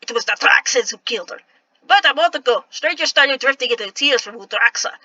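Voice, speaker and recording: Lady voicing a city informant handing out orders, high bright voice, kinda halting reads, dry lo-fi mic. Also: lively intonation, dry recording, heavily acted. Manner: halting, reads lines with restarts. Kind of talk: reading game dialogue aloud with an attempted accent.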